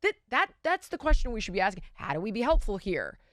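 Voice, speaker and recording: A woman hosts her show with opinionated political commentary. Her pitch swings widely as she presses her points. She sounds exasperated, asks rhetorical questions, and is recorded close and dry. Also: sing-song, fast, fairly bright tone, no room sound. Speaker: show host.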